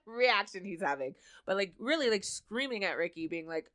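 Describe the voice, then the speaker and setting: Chatty woman host with a lowish voice. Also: lively intonation, normal speed, few pauses, fairly bright tone, no room sound, studio quality. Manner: chatty, filler-heavy, laughing asides. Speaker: host recapping a TV episode. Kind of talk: casual chat.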